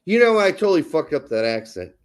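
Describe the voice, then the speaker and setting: A man co-hosting a casual soccer podcast, animated, jokey and swearing freely. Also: on the high side, fast talker. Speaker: podcast co-host. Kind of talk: casual sports chat.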